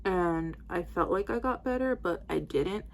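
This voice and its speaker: Twenties woman, lowish voice, casual rambling vlogger, filler-heavy, styling her hair as she talks. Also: expressive, measured pace, slight background noise. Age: 20s. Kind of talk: casual storytelling to camera.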